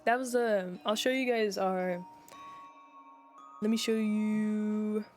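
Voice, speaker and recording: A woman's voice: mid-range voice, steady tone, takes it slowly, a little mellow, faint music behind. A young woman streamer chatting casually with her viewers, talking in a rambling, heartfelt way.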